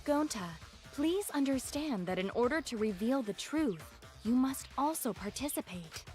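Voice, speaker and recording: An actress voicing a calm, reasoning young woman detective in a game, over faint music. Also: sits high. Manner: measured and reasoning.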